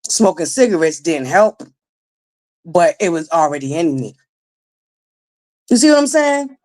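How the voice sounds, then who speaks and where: A woman in her forties with a naturally raspy voice, hosting a casual live-stream commentary, blunt and profane, talking straight to her viewers. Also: lowish voice, lively intonation, unhurried, darkish tone. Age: 40s. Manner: blunt, profane, emphatic, addresses viewers directly. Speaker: livestream commentary host.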